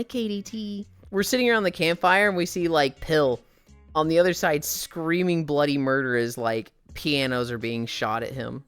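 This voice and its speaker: A woman streamer chatting casually while walking on a treadmill, telling animated, profane stories and sounding tired. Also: low-pitched, clean tone, no echo.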